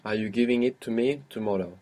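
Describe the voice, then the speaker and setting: A man's voice: on the low side, quick pace, warm tone. Patient man teaching a language lesson. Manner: patient, prompting the student step by step.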